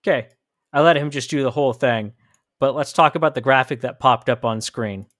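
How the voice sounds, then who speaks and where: A man's voice: medium pitch, a little fast, no room sound. Man, Pacific Northwest, podcast host, commentary, emphatic, restarts a lot, dry close sound. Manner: animated and emphatic, with frequent restarts. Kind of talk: commentary on a played clip.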